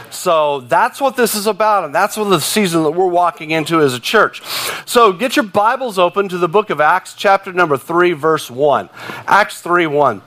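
A man preaching a sermon and telling a personal story in an animated, chatty way, with frequent restarts. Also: high voice. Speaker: pastor.

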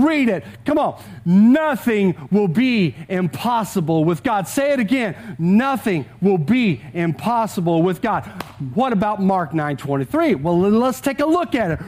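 Urging his congregation to say scripture aloud along with him, this Texan-accented pastor delivers a sermon. He's a man whose voice rests high, with a slightly mellow quality.

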